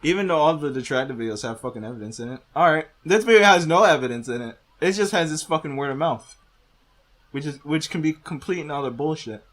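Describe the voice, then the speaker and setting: A man's voice: a little high, fast talker, fairly bright tone. A man hosting a reaction video, ranting with heavy profanity and arguing back at the clip he is watching.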